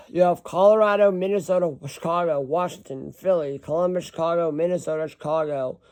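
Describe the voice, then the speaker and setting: A man's voice: a little high, fairly quick, darkish tone, smooth. A man in casual solo commentary, rambling and correcting himself as he reads long lists of teams aloud. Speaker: hockey fan ranking team schedules.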